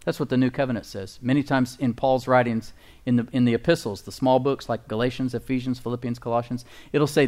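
A man's voice: medium pitch, fairly even intonation, fast, few pauses, darkish tone. A man preaching a sermon as pastor, emphatic and folksy, often asking the congregation for agreement and chuckling at his own points.

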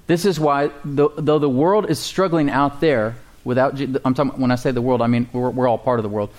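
A man preaching at a middle pitch, delivering a sermon with call-and-response. He slows down to read scripture aloud and asks his listeners questions. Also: a little mellow. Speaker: pastor.

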